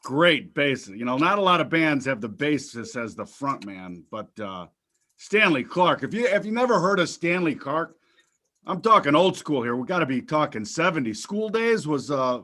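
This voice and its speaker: Bright-voiced joking male podcast host. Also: on the high side, big pitch swings, moderate pace. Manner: loose, joking, wandering with fillers and restarts. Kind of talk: casual market talk show banter.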